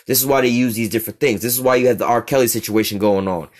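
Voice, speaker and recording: A man preaching at a quick clip in a mid-range voice. He reads a passage aloud and breaks it down in blunt, cursing street talk, checking in again and again with "you see what I'm saying?". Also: medium pitch. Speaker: religious teacher. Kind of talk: street-style religious teaching, reading and explaining a text.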